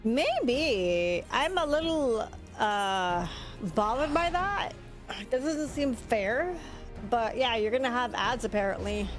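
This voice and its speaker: A woman streams a game live, talking in a chatty, rambling way with a slightly high voice. She often thinks aloud, and soft game music runs underneath. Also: lively intonation, slow. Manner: chatty, rambling, talks to herself. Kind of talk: casual live-stream chat while gaming.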